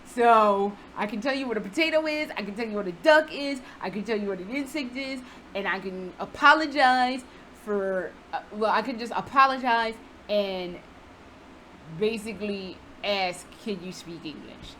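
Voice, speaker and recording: A woman's voice: mid-range voice, normal speed, a bit bright, poor audio. Young American woman, casual vlogger, profane and self-deprecating, frequent laughs, camera mic, faint hiss behind. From United States. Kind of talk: casual vlog monologue. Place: apartment indoors.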